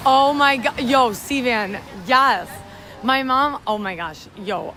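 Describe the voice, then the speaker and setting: Her voice is medium-pitched and a bit bright, though the audio quality is poor. She's a twenty-something livestream host from upstate New York, strolling a rainy city street at night, chatting casually and thanking viewers over street noise.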